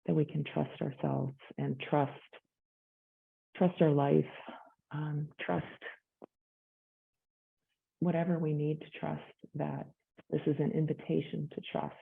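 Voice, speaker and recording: A woman yoga instructor giving gentle, inviting guided meditation instructions. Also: sits low, level tone, slow, gravelly, long pauses, breathy edge. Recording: tinny phone-like sound.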